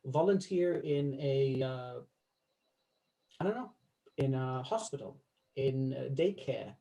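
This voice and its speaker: A male life coach giving a coaching talk to a small group, instructive, slowing down to stress key words and laughing easily. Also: medium pitch, animated, warm tone, poor audio.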